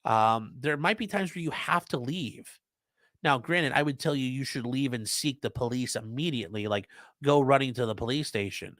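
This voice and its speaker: A man's voice: mid-range voice, normal speed, a bit bright, no room sound. A man with a mid-range voice chats on a live stream, reading out viewer comments and answering them bluntly, with swearing thrown in. His voice sounds dry and close, with very little room around it. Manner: blunt, profane, conversational, reads chat aloud. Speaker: lawyer hosting a live stream.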